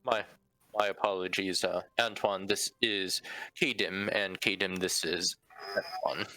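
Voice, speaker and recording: A man narrating his character's actions in a tabletop game, hesitant and slow. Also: sits low, steady tone, bright, forceful tone, rough recording. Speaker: player.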